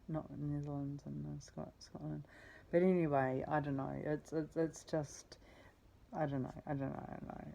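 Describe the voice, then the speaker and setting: A woman's voice: deep voice, creaky, dark tone, slight background noise, poor audio. A woman telling a personal story in a meandering way, often correcting herself and swearing casually. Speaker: vlogger.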